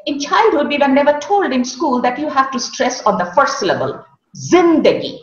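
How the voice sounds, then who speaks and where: A woman's voice: high-pitched, big pitch swings, fairly quick. A woman, speaking as a coach and patiently demonstrating how words should be said. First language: Hindi. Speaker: accent coach. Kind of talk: explanatory interview answers. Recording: roomy, dull lo-fi audio.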